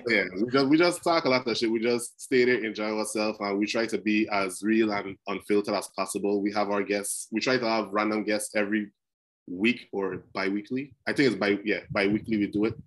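Deep-voiced Crucian man, laid-back guest. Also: steady tone, a little fast. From St. Croix. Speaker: podcast guest, teacher. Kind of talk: casual podcast chat.

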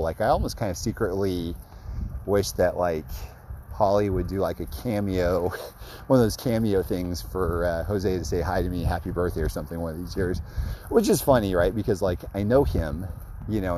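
Low, mellow-voiced man gushing excitedly. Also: a little hiss or hum, low-quality recording. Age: adult, grew up a fan. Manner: rambling, many fillers, gushing. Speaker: custom card maker. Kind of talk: excited casual storytelling.

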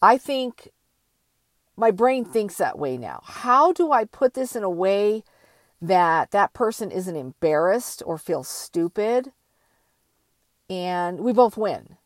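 An older woman talking slowly and thoughtfully in a reflective personal monologue, with many pauses and fillers. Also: medium pitch, sing-song, dry recording.

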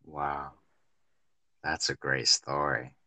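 A man's voice: very deep voice, little pitch movement, slow pace, sharp tone, no room sound. A man interviewing a guest about faith, laid-back and full of fillers.

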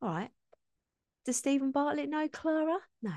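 A woman's voice: high-pitched, animated, moderate pace, warm tone, no room sound, studio quality. Chatty woman podcast coach. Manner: chatty, frank and sweary, with laughs and asides. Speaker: podcast host and self-belief coach. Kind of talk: casual solo podcast talk.

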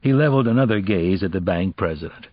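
Husky low-voiced male audiobook narrator. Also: dry recording. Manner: measured, even storytelling. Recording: dull, dry audiobook recording.

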